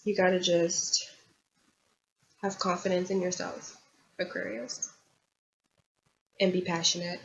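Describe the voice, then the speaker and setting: Tarot-reader woman, lowish voice, earnest and confiding; dull lo-fi recording. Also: level tone, takes it slowly, long pauses. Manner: earnest, confiding, repeats herself. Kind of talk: tarot reading monologue. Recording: dull lo-fi audio with faint background hiss.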